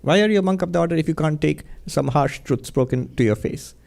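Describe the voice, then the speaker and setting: A man, a monk, giving a spiritual talk in a gentle, reflective storytelling manner, often chuckling. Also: a little high, brisk, vocal fry.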